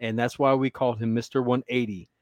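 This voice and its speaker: A man's voice: medium pitch, level tone, fast, a little mellow, no room sound. A man co-hosting a podcast, casual chat, telling stories in a laid-back way and swearing freely. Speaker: podcast co-host.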